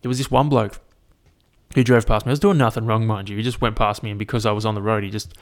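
A man's voice: on the low side, fairly even intonation, fast talker. A young man, chatting casually to his audience in a rambling, sweary rant. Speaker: vlogger. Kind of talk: casual chat. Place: at home, at a laptop.

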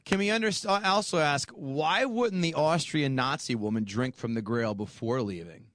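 A man's voice: mid-range voice, moderate pace, fairly bright tone, no echo. A man with a mid-range voice who rambles and swears freely as he co-hosts a podcast. His casual talk is full of stops and restarts. The recording is dry and close. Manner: rambling, profane, restarts a lot. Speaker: podcast co-host. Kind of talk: casual chat.

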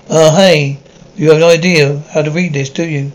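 A man's voice: on the high side, fairly even intonation, moderate pace, gravelly, rough recording. A man reading an anime episode script aloud. He reads the stage directions and all the parts in one plain voice and often stumbles over words. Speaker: script reader.

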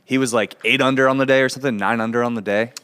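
A man's voice: mid-range voice, fairly even intonation, racing, fairly bright tone, clean tone. A man co-hosting a golf podcast, explaining shots in an opinionated, casual way. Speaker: podcast co-host. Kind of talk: casual golf analysis chat.

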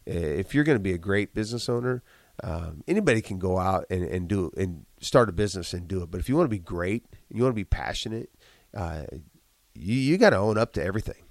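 A low-voiced man who sounds congested, with a slight cough. He tells earnest, motivational stories in a casual chat, often restarting his sentences. The sound is dry and close. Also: lively intonation, quick pace, vocal fry, dry recording. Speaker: guest, business owner.

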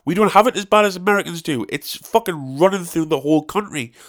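A young man from the North of England rants casually in a Northern English accent, swearing and restarting his sentences again and again. It's a loose monologue delivered fast in a high-pitched, somewhat bright voice.

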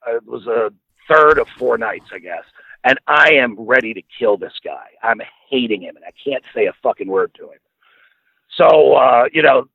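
A man's voice: on the high side, gravelly, sharp tone, slightly rough, no echo, lo-fi sound. A man, a former wrestling manager, telling long profane anecdotes as a podcast guest, laughing as he goes. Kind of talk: casual storytelling.

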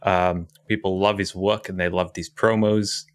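A man's voice: sits low, little pitch movement, a little slow. A man chatting casually as a podcast guest, playful and enthusiastic.

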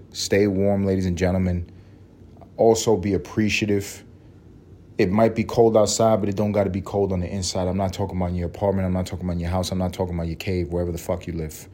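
A man's voice: low-pitched, darkish tone. Profane, rambling man hosting a podcast. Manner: crude, profane, joking rants. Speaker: podcast host. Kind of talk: rambling solo podcast monologue. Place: at home.

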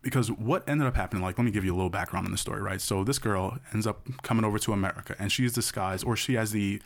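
Rambling, lower-voiced male podcast host. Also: quick pace. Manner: rambling storyteller, tags lines with "right?". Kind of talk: casual chat.

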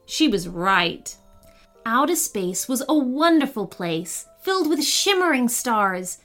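A woman reading a storybook tale aloud as the host, with expressive, lively delivery. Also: a little high, slow pace, soft background music. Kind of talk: scripted storybook narration.

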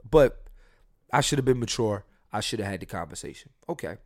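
A man hosting a podcast, telling his dating stories in a casual, profane way and swinging between loud and soft. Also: fairly low pitch, lively intonation, fairly quick, no echo, clean studio sound. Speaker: podcast host. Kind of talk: casual storytelling chat.

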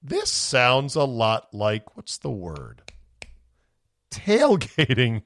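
A man's voice: medium pitch, wildly swooping pitch, slow pace, creaky, bright, forceful tone, no room sound, studio quality. A man hosting a sports podcast, ranting sarcastically with profanity, his voice strained from screaming. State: voice going from screaming. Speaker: podcast host.

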